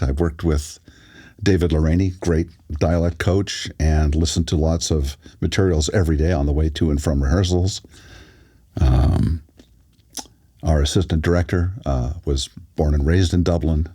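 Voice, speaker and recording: A man, an actor and audiobook narrator, telling relaxed stories as a guest in a casual interview. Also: deep voice, slightly rough. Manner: relaxed anecdotal storytelling with fillers.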